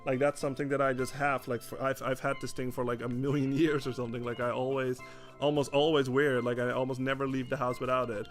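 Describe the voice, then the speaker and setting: A man's voice: mid-range voice, flat delivery, fast, soft background music. A young man from the Netherlands chatting casually over gameplay, swearing often and restarting his sentences in exasperation. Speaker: gaming streamer.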